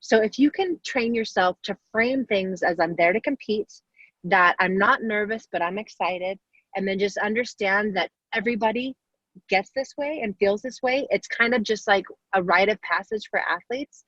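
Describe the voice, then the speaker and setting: A woman in her forties, visiting as a guest athlete, answers young players' questions through a video call. She speaks to the kids directly, casual, warm, upbeat and encouraging, in a medium-pitched voice at normal speed. The call audio is dull and lo-fi, with no echo.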